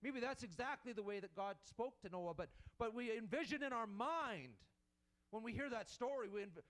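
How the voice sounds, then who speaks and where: A man's voice: high-pitched, expressive, normal speed, a bit bright. A man preaching a sermon in an earnest manner, repeating and restarting as he builds his points.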